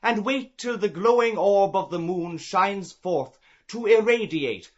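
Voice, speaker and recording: A man's voice: high-pitched, expressive, unhurried, muffled recording, voice pushed up. A man voicing a genial male idler who mocks by declaiming grandly and making sly asides.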